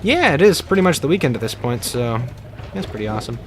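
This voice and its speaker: A man's voice: mid-range voice, very animated, fast, a little hiss or hum. A man streaming a game, chatting casually and playfully with his viewers in a rambling way.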